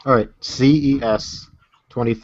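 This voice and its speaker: A man's voice: medium pitch, fairly even intonation, a little slow, a little mellow, dry recording. Rambling man with lots of ums. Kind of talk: casual chat. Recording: dull lo-fi audio.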